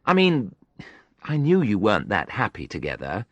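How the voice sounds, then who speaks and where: A man voicing a flustered, defensive woman who is a friend, talking in quick, rising protests. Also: on the low side, wildly swooping pitch, no room sound, lo-fi sound. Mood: evasive.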